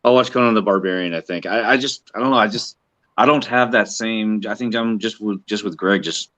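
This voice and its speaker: A man's voice: lowish voice, fairly quick, pushed and bright. A man appearing as a guest on a movie discussion show, hesitant and joking. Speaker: guest podcaster.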